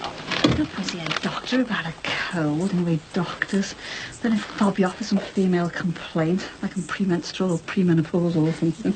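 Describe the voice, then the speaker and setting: An actress playing a weary, low-spirited wife in a TV soap. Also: female voice, moderate pace, background noise, lightly acted. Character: tired, low-spirited wife, quietly hurt. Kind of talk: 1990s TV soap acting.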